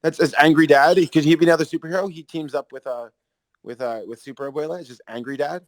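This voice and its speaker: A man hosting a podcast in casual chat, rambling and excitable, swearing freely. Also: on the high side, quick pace, no echo. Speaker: podcast host.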